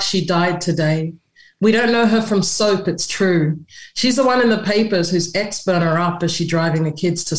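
A woman poet reading her own poem aloud with a rhythmic, spoken-word delivery. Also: on the low side. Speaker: poet and author, guest. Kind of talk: poetry reading. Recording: echoey room sound.

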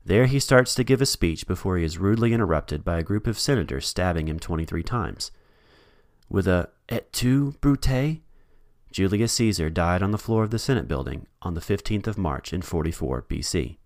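A man's voice: low-pitched, expressive, brisk, no room sound, clean studio sound. A man hosting a podcast, reading a scripted history narration with wry, joking asides. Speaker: podcast host.

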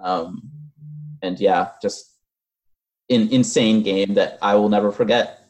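A young man co-hosting a sports podcast, his voice a touch low and worn hoarse. He talks in a loose, rambling way, filling gaps with ums and circling back mid-sentence. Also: fairly even intonation, slow pace, darkish tone. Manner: rambling, hesitant with fillers and restarts. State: losing his voice. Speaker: podcast co-host. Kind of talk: casual sports podcast chat.

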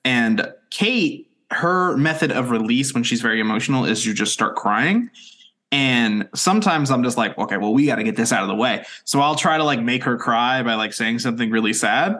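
A man's voice: medium pitch, expressive, normal speed, sharp tone. A young man in his twenties co-hosting a casual podcast, joking and swearing as he tells stories and recaps an episode. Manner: joking, profane, storytelling. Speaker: podcast co-host.

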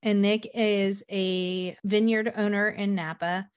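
A woman's voice: mid-range voice, takes it slowly, smooth. A woman co-hosting a podcast, chatting casually about a movie and acting out the characters' lines. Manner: animated, acts out quoted lines. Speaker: podcast co-host. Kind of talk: casual chat recapping a movie.

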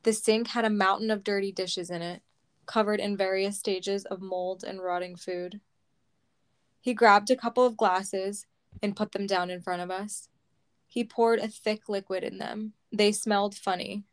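A woman reading her own personal memoir aloud, slow and heavy, close to tears. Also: mid-range voice, clean tone. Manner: slow, heavy, measured storytelling.

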